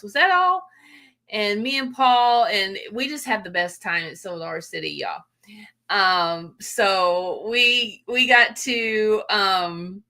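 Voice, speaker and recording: In this casual live chat, the female host welcomes her viewers effusively and emotionally, leaning heavily on filler words. She speaks in a mid-range voice that sounds pushed and bright.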